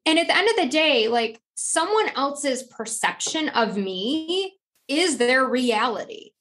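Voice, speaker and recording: Middle-aged woman guest, fairly high voice, expressive storyteller who plays out the dialogue she quotes. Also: takes it slowly. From New Jersey. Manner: animated, acts out quoted dialogue with lively pitch jumps. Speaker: podcast guest, author and life coach. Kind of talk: casual conversational interview.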